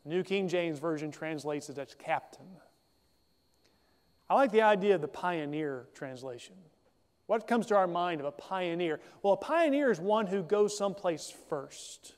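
A man preaching a sermon in a measured, emphatic way, reading scripture aloud and then explaining it. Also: high-pitched, expressive, long reverb tail.

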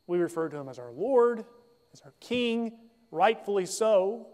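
A man preaching a sermon in a measured, emphatic way, reading scripture aloud and then explaining it. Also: high voice, expressive, darkish tone, in a large hall.

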